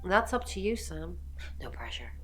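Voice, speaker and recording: An actress playing a calm female tarot reader in a video game, speaking in a measured way with dry wit, over game music. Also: lowish voice. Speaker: game character.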